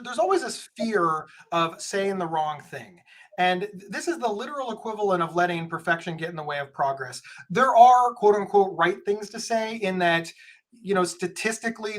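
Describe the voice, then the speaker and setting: A man, a podcast guest, telling a story in an animated way with many stammered restarts. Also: high-pitched. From United States. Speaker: podcast guest, mental health speaker. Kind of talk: conversational storytelling.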